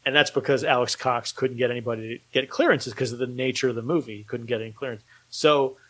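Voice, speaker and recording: A man's voice: medium pitch, steady tone, fast, a bit bright, low-quality recording. A man hosting a casual talk show, rambling enthusiastically with many restarts. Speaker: podcast host and filmmaker. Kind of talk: casual chat.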